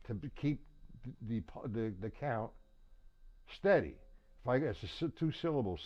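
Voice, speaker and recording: A man teaching drums in a live lesson. He talks plainly, repeats and restarts himself, and counts beats out loud. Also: medium pitch, expressive, normal speed, lo-fi sound, music in the background. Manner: counts beats aloud over his playing. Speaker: drum teacher. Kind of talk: live online drum lesson. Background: drum kit playing.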